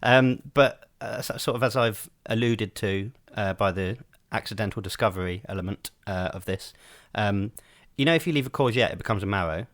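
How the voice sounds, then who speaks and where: Male podcast co-host, low, dry close mic, hesitant ramble. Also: normal speed, hardly any pauses, a bit bright, no echo. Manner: rambling, hesitant, many ums. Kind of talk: casual chat.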